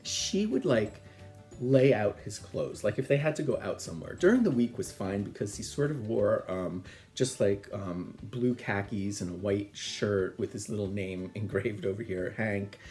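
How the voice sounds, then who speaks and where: A middle-aged man, the host, telling family stories in a chatty, animated way and laughing often. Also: fairly low pitch, normal speed, soft background music. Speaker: podcast host. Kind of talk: casual storytelling.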